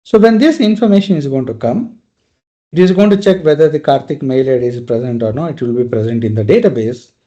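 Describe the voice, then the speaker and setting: A man's voice: medium pitch, brisk, warm tone, muffled recording. A male trainer giving a live technical lecture, explaining step by step and often checking in with "right?".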